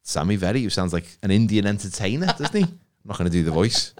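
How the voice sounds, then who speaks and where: A man's voice: on the low side, sing-song, fast. A man, co-hosting a casual comedy chat, rambling and self-deprecating as he tells stories. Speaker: podcast co-host.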